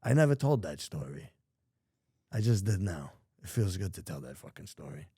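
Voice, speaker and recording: A man's voice: low-pitched, big pitch swings, moderate pace, creaky, mellow, slightly rough, dry recording, clean studio sound. A middle-aged man, a podcast guest telling his life story in blunt, profane street talk. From New York. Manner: profane, street-talking, emphatic. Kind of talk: candid storytelling.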